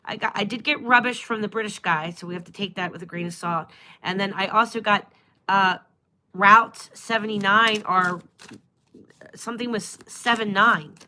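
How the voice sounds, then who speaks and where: A woman's voice: medium pitch, normal speed, bright, forceful tone, a little hiss or hum. A woman giving a live-stream tarot reading, musing aloud and trailing off as she asks the cards questions. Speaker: tarot and astrology reader.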